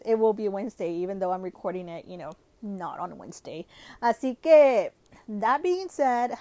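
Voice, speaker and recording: A woman's voice: on the high side, a little mellow, no room sound. A woman with a cold, sounding nasal and congested, hosting a casual podcast, switching between English and Spanish and using lots of "you know" and "like". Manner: many fillers like "you know" and "like". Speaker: podcast host.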